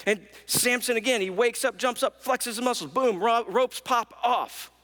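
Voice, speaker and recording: Animated male pastor in an echoing hall. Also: sits high, normal speed. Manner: animated storytelling, acting out the characters' lines. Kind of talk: sermon. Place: church.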